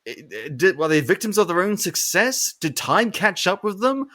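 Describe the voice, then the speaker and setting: Male podcast host, fairly high-pitched, animated and ranty, casual film review chat. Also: moderate pace. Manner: animated ranting with frequent swearing.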